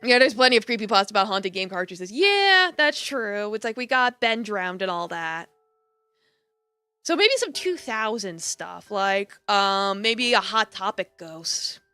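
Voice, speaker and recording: A woman's voice: mid-range voice, animated, a little slow, pushed and bright, clear, resonant tone, dry recording, faint music behind. A young woman streamer chatting and joking through a game, rambling with lots of fillers. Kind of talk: live game commentary.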